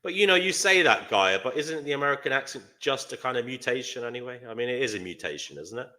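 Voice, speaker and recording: A man hosting a live online panel discussion, chatting in a rambling way with quick asides. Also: mid-range voice, animated, pushed and bright. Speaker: host.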